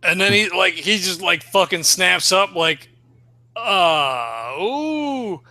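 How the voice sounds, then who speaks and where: A man's voice: high-pitched, level tone, moderate pace, gravelly, pushed and bright, no echo. A man playing a tabletop game, describing his character's actions in a casual, rambling way. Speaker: player.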